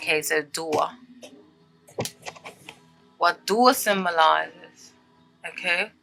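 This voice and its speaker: A woman's voice: fairly low pitch, very slow, vocal fry, music in the background, rough recording. A woman giving a casual tarot reading to her viewers, chatty and earnest, often checking in with "okay?" as she reads card meanings aloud and comments on them. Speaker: tarot reader.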